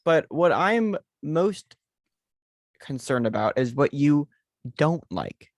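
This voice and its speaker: A man's voice: a little high, very animated, slow pace, dry recording, clean studio sound. A young American man hosting a podcast in a playful, teasing chat. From United States. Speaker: podcast host. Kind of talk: casual chat.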